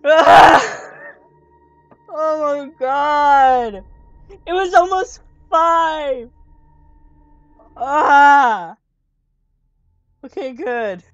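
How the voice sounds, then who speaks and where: A woman's voice: high voice, drawn-out words, dull audio. A woman commentating a horror game she is playing, jumpy, screaming and swearing when startled. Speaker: let's play gamer.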